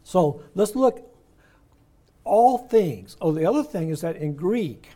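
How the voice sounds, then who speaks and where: An older man leading a Bible study, his voice on the high side for a man but mellow and soft-edged. He talks conversationally, slowing down to lean on the words he wants to stress. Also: lively intonation. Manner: conversational, explains words slowly with emphasis.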